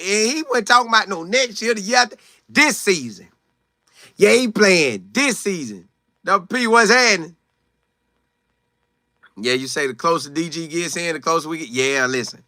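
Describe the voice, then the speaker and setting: A man hosting a live sports talk stream, reading out viewers' comments and answering them with animated, repetitive emphasis. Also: high voice, normal speed, no echo, clean studio sound. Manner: repeats phrases for emphasis, acts out quotes. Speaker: sports talk show host.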